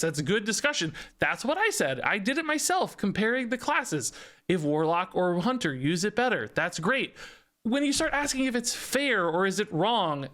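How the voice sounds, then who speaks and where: With a high voice, a man rattles off an animated, exasperated rant while streaming a card game. He laughs frequently and keeps repeating words.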